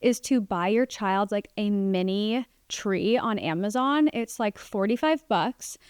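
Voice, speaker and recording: A woman's voice: mid-range voice, lively intonation, measured pace, clean tone, no room sound, studio quality. A young woman hosting a casual solo podcast, chatting about family life with lots of "like" fillers. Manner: chatty, warm, many "like" fillers. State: pregnant. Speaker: podcast host.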